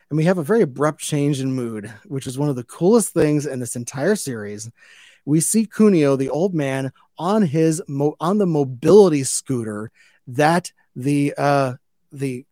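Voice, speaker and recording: A man's voice: medium pitch, dry recording. Rambling man recapping a show, dry mic. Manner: rambling with many fillers and restarts; gets loud and animated when amused. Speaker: anime review podcast host. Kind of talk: casual recap and commentary.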